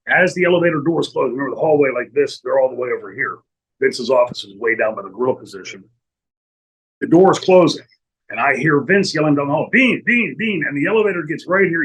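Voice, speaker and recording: A middle-aged man telling a profane, animated backstage story as an interview guest, acting out other people's lines. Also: medium pitch, breathy edge, poor audio. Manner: animated, profane, acts out quotes.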